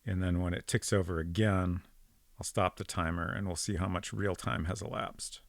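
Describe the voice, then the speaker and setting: A man with a fairly low voice plays through a detective game on stream and thinks aloud as he goes. His casual commentary wanders and muses, with plenty of ums. The recording is close and dry. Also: fairly even intonation, moderate pace, vocal fry, dry recording. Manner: thinks aloud, rambling and musing with frequent ums. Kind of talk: casual let's-play commentary.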